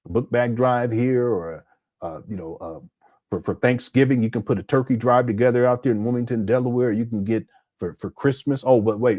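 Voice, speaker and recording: A man's voice: mid-range voice, dark tone, no room sound. Man with a sore throat, dry close mic. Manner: critical, laughing, reads chat aloud. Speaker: commentary host. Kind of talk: livestream commentary.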